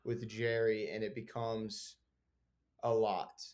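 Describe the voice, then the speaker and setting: Flat-toned man explaining a film's premise. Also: on the low side, slow. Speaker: podcast co-host. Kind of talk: casual film discussion.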